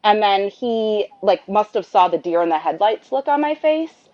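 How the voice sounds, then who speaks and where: A woman's voice: medium pitch, lively intonation, moderate pace, darkish tone. A woman, the host's sister, telling a story in a chatty, rambling way and acting out the dialogue. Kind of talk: storytelling conversation. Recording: dull lo-fi sound.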